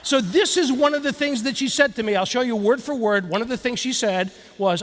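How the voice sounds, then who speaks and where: High-voiced man telling a story on stage. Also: normal speed, hardly any pauses. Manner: storytelling, animated, addresses audience directly. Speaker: keynote speaker. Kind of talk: motivational speech. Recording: long hall reverb.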